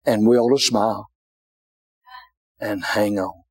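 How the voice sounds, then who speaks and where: A man preaching a sermon in a church, dropping to a hush and then rising to shouts, with folksy asides to the congregation. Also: fairly low pitch, steady tone, takes it slowly, pauses often, husky. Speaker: pastor. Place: church sanctuary.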